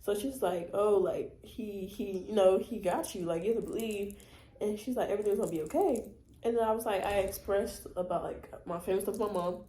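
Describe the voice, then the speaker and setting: A woman's voice: medium pitch, fairly quick, warm tone. A young woman co-hosting a casual podcast, telling an emotional faith testimony full of filler words. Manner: storytelling with many likes, emotional. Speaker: podcast co-host. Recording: roomy echo.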